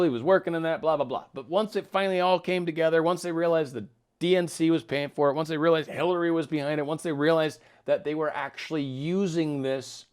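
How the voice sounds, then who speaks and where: A man talking through political news in casual solo commentary, with wry asides, reading documents aloud as he goes. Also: fairly high pitch.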